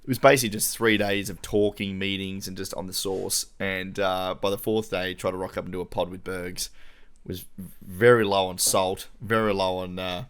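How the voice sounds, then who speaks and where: A man's voice: low-pitched, little pitch movement, normal speed, a bit bright, smooth. An Australian man co-hosting a podcast, chatting casually in laid-back, slangy banter over a remote call. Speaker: podcast co-host. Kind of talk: casual chat.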